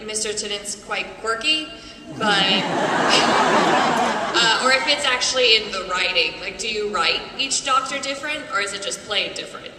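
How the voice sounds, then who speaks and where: A woman's voice: mid-range voice, unhurried. A woman in the audience asking a question at a fan panel, polite and a little hesitant. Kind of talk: questions from the floor. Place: large convention hall with an audience. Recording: echoey hall, distant mic, crowd noise.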